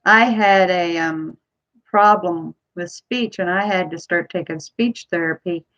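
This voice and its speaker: Slow-talking woman with a Kentucky accent. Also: lowish voice, fairly bright tone, lo-fi sound. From Ohio. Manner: chatty, rambling, unhurried. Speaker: vlogger. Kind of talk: casual chat to camera.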